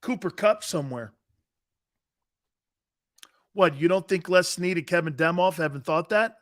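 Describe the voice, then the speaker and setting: A man's voice: high-pitched, a little slow. A man hosting a sports talk show, ranting in a brash, mocking, opinionated way. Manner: brash, mocking, animated rants.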